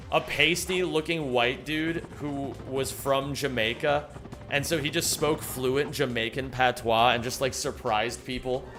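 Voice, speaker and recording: A man's voice: medium pitch, a bit bright. A young man live-streaming a game, chatting casually, thanking viewers and swearing freely as he rambles. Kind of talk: casual live-stream chat while gaming.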